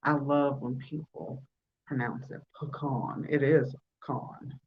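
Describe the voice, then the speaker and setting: A woman's voice: extremely low pitch, fairly even intonation, a little slow, slightly rough. A woman with a Southern US accent hosting a casual live podcast chat, talking easily and laughing often as she answers viewers. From Alabama. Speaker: podcast host. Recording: dull lo-fi livestream audio.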